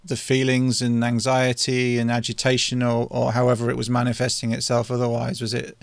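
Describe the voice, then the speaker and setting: A man's voice: mid-range voice, monotone, a little fast, gravelly, clean tone, no echo. A male podcast host asking a guest careful follow-up questions. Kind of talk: interview questions.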